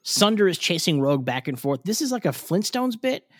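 A man's voice: high voice, big pitch swings, fairly quick, a bit bright, dry recording, studio quality. A man co-hosting a podcast, recapping a cartoon episode in loose casual chat, rambling with fillers and restarts and swearing now and then. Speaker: podcast co-host.

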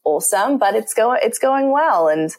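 A woman's voice: on the high side, expressive, normal speed, darkish tone. A woman guest on a podcast in casual chat, hesitant with lots of fillers and easy laughter. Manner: hesitant, many fillers, giggly.

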